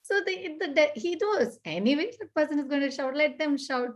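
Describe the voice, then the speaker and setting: A woman giving parenting advice in an earnest, animated conversational way. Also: high-pitched, brisk. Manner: earnest, repetitive, animated explaining with acted-out examples. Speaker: parenting expert guest.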